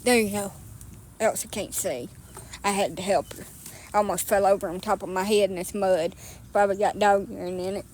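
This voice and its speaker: A woman's voice: mid-range voice, steady tone, fairly quick, darkish tone, slight background noise. A woman, telling a story in casual, blunt, salty, self-mocking talk while outdoors on rural land with her phone. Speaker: storyteller vlogger. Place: outdoors on rural property with dogs.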